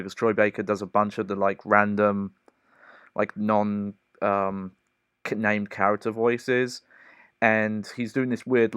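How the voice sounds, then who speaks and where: Lowish voiced guy chatting thru a game stream, laughs a lot, dry close mic. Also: clean tone, no echo. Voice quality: chatty, laughs often, many fillers. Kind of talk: casual gameplay commentary.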